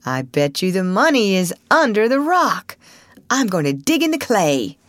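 Woman reading as a bold boy adventurer, high and eager, lively swings in pitch, dry sound. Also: unhurried, dry recording. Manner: eager, excited, folksy dialect. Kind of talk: audiobook character reading.

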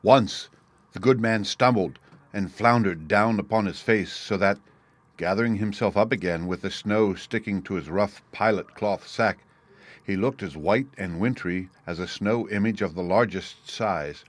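A man giving a measured storybook narration. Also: on the low side. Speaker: reader.

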